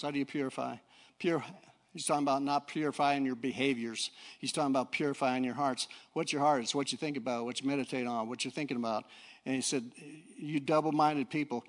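A middle-aged male preacher giving a folksy sermon, swinging from low talk to fiery shouting. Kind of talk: sermon with personal story.

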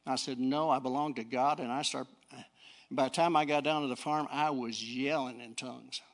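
A middle-aged male preacher giving a folksy sermon, swinging from low talk to fiery shouting. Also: fairly even intonation, normal speed. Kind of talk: sermon with personal story.

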